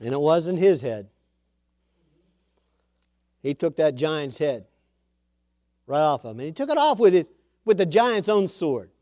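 A man's voice: fairly high pitch, sing-song, a little slow, long pauses, darkish tone, no room sound, clean studio sound. A man preaching a sermon, telling a story with energy and acting out the quotes.

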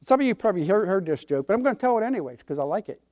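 A man's voice: sits high, very animated, rapid-fire, darkish tone. An older man, a pastor, preaching a sermon with emphatic, folksy delivery and homespun stories.

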